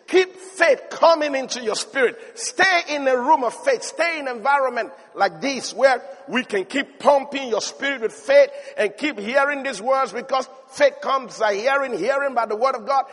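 Man, preacher, very high voice, emphatic sermon, shouting peaks, long hall reverb. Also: expressive, normal speed. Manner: emphatic, rising to shouts, interjecting hallelujah.

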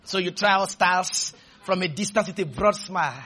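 High, bright-voiced shouting preacher. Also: male voice. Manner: shouts in bursts, leads call-and-response; slows to stretch words for emphasis. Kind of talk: sermon.

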